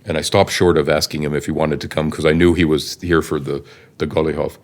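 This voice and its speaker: A man with an extremely deep voice tells a rambling behind-the-scenes story. His delivery is chatty and animated, like someone recounting a lucky coincidence to a friend. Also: a little fast. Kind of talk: anecdotal interview storytelling.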